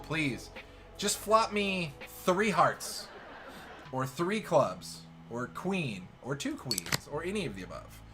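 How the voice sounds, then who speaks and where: A man hosting a poker show, giving live hand commentary in a joking, excitable way that swings from loud cheers to quiet murmurs. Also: on the high side. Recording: music playing behind the voice.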